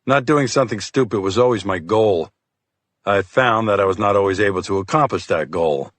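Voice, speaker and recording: A man reads a crime thriller audiobook in the first person, his voice sitting low and his delivery steady and measured. The recording is dry and close, with no room sound. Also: no room sound. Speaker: audiobook narrator.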